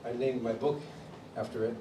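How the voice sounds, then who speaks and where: A man from Chicago, a drummer, tells his story at a clinic in an animated way and acts out the voices of the people he quotes. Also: mid-range voice, moderate pace. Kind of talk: storytelling interview. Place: drum clinic in a studio room. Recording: distant mic in an echoey room with background noise.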